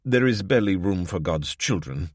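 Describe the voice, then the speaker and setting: A man voicing a slim, kindly male church greeter with a soft African accent, courteous and gentle. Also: low voice, lively intonation, moderate pace, no echo, studio quality. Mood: gentle welcoming.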